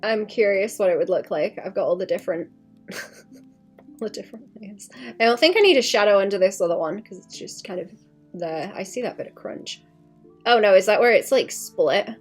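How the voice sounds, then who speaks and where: A woman's voice: medium pitch, lively intonation, normal speed, breathy edge, soft background music. A woman artist on a casual livestream, rambling as she thinks aloud about her drawing and adding playful sound effects.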